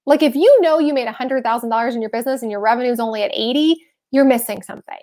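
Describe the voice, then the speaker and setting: Chatty, animated woman giving tax advice. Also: on the high side, racing. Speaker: host giving tax tips. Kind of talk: live-stream advice talk.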